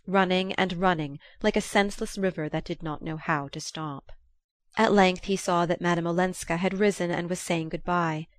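Low-voiced woman reading a novel. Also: dry recording. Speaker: audiobook reader. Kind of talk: scripted narration.

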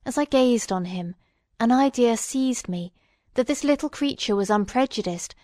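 Woman audiobook reader, measured and solemn, very dry close sound. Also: mid-range voice, darkish tone, dry recording. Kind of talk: literary reading aloud.

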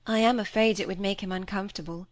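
A woman's voice: mid-range voice, fairly even intonation, fast, no room sound, close to an everyday voice. A woman voicing a serious, earnest young woman who speaks sincerely and firmly.

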